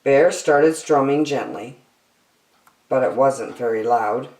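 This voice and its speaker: A woman reading a rhyming children's picture book aloud in a slow, expressive, sing-song way, recorded in an echoey room. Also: very deep voice, far from the mic. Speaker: children's story reader.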